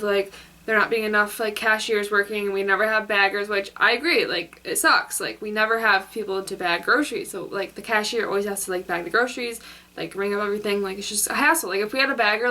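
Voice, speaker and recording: A young woman telling a story in a chatty, rambling way, filling her sentences with "like." Her voice sits a little high and sounds bright and clear. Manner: chatty, filler-heavy, with lots of "like". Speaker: vlogger. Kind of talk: casual storytime.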